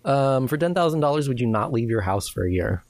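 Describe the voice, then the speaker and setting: A woman with a very low, deep voice co-hosts a podcast, teasing her partner in easy chat. She reads out quiz-style questions between jokes. The sound is dry and close, with no room in it. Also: expressive, fairly quick, a little mellow, no echo. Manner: teasing, quizzes her co-host with would-you-rather questions. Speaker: podcast co-host. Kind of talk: casual chat.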